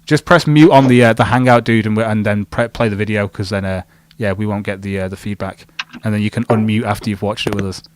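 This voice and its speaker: A man's voice: fairly low pitch, fairly even intonation, quick pace, a little hiss or hum. A man hosting a livestream in profane, mocking casual chat, talking over a video call. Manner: swearing, mocking, chatty. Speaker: livestream host.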